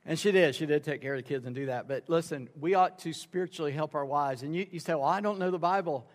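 A man's voice: on the high side, fast. A man preaching a sermon as pastor, telling folksy stories and acting out the people in them. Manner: folksy storytelling, acts out dialogue in quoted voices. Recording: reverberant sanctuary sound.

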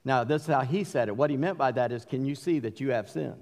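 Southern preacher booming in a reverberant hall. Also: male voice, fast talker. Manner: preaching with bursts of loud emphasis, folksy asides. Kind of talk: sermon.

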